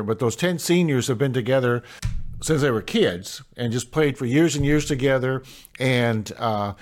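Easygoing older man co-hosting. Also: medium pitch. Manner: easygoing, chatty, many uh fillers. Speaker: podcast co-host. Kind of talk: casual local podcast chat.

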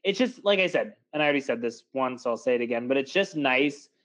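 A man's voice: medium pitch, expressive, fast talker, a bit bright. A young man co-hosting a podcast, chatting casually and telling stories, with lots of filler "like". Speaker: podcast co-host. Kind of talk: casual chat.

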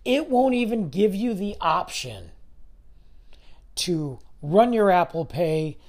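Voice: medium pitch, lively intonation, takes it slowly, a little mellow. A middle-aged podcast host ranting in a solo episode, exasperated and firing off mocking rhetorical questions. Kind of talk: solo opinion rant.

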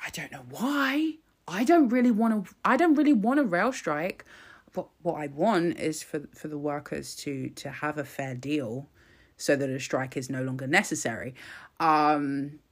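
A young woman rants casually about politics. She sounds sarcastic and exasperated and swears freely. Her tone is blunt and unfiltered. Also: lowish voice. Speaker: political commentator. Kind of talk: casual ranting commentary.

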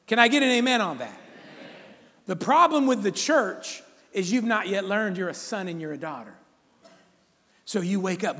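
A man preaching a sermon to his congregation, exhorting and joking with them in an animated way. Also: sits high, moderate pace, long pauses. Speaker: pastor. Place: church sanctuary. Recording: long church hall reverb.

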